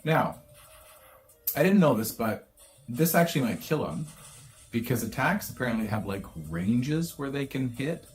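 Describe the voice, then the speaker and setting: A man playing a video game and explaining his moves as he goes. His voice is mid-pitched and his talk is easygoing, with faint music underneath. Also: normal speed, pauses often. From Canada. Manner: relaxed, thinking aloud. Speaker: co-host, gamer. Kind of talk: casual let's-play commentary.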